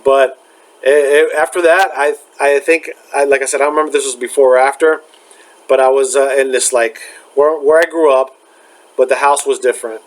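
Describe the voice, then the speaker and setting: A young man talks casually, circling back and restarting often. His voice sits at an ordinary middle pitch, and his story comes out halting and searching, thick with fillers. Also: steady tone, low-quality recording. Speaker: spiritual vlogger.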